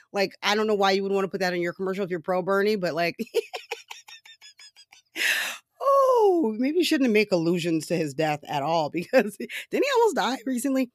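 Very animated, with a high-pitched voice and moderate pace, this podcast host rants casually about politics by himself. Expect swearing, sarcasm, frequent laughs and rambling fillers. Studio-quality audio with no room sound.

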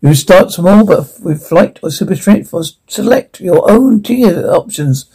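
A man playing a pompous old mad scientist from Bavaria, who gives a grandiose, theatrical welcome speech in a husky voice. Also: sits high, animated, unhurried, warm tone, full character voice, low-quality recording. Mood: boastful. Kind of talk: TV drama acting.

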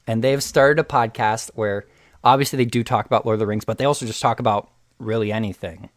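A man's voice: fairly low pitch, steady tone, quick pace, no echo, clean studio sound. A young man co-hosting a podcast, chatting casually and rambling with frequent restarts. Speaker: podcast co-host. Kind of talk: casual chat.

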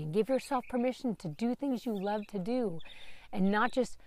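A woman's voice: mid-range voice, moderate pace, a little mellow, a little hiss or hum. A woman in her late thirties hosting a podcast, talking openly and emotionally in a candid personal monologue, and swearing freely. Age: 30s. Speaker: podcast host.

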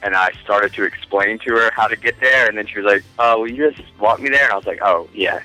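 A man's voice: fairly low pitch, fast talker, few pauses, bright, forceful tone, no room sound, faint music behind, poor audio. A man in his twenties, a podcast guest, telling a long rambling story in casual, profane chat with frequent laughs.

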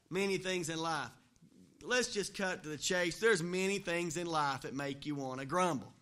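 A man's voice: a little high, bright, forceful tone. A male pastor, preaching a sermon in a folksy, conversational way with joking asides in a church. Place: church, also livestreamed.

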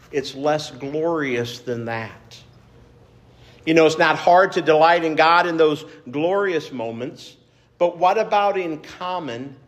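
A man preaching a sermon as pastor, earnest and measured, repeating phrases for emphasis. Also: fairly high pitch.

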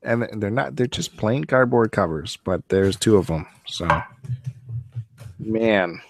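A man's voice: on the low side, expressive, measured pace, gravelly, background noise. A man hosting a podcast, chatting casually and teasing his co-host, laughing often. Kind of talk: casual chat.

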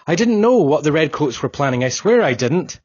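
A man's voice: fairly high pitch, sing-song, fairly quick, a little mellow, breathy edge, dry recording, voice pushed up. A man voicing a frightened young redcoat soldier who pleads and cries in an audiobook. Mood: pleading. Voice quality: pleading, tearful. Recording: dull, dry audiobook recording.

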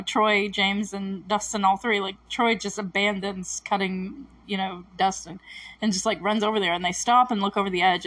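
A woman's voice: medium pitch, fairly bright tone, dry recording, distant mic, rough recording. A woman casually recapping a TV episode, laughing often and acting out the characters' lines. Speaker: recap host.

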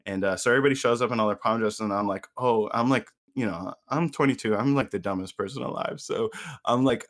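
A man's voice: mid-range voice, fast, fairly bright tone. A man in his twenties co-hosting a podcast, telling loose, profane, self-mocking stories in casual chat. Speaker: podcast co-host.

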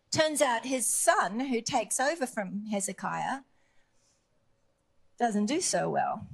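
Woman, preacher, sermon, high voice, animated storytelling, emphatic repetition.

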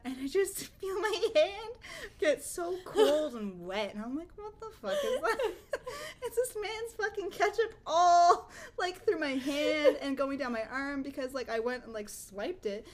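A woman's voice: sits high, expressive, normal speed. A young woman co-hosting a podcast, telling work stories in casual chat, blunt and freely profane. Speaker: podcast co-host.

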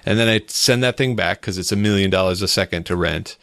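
A man with a low, gravelly voice in a casual podcast chat, recorded close and dry. He talks with enthusiasm, exaggerates freely and his pitch leaps up when something amazes him. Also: fairly quick, fairly bright tone, dry recording. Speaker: podcast co-host.

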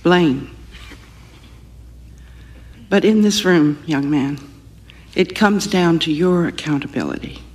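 A severe female judge in a TV courtroom drama delivers measured, unyielding pronouncements. Her voice is husky and low on breath. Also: a little mellow, full character voice. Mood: stern.

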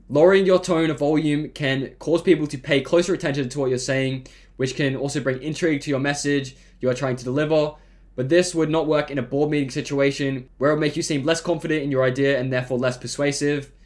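A man hosting a podcast, giving scripted solo advice in a steady, monotone delivery. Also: on the high side. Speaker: podcast host.

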